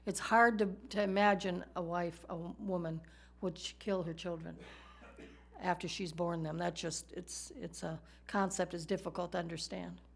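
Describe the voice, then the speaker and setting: Woman preaching with a low voice. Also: steady tone, moderate pace, creaky. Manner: conversational preaching with rhetorical questions to the audience. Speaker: Bible teacher. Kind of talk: sermon.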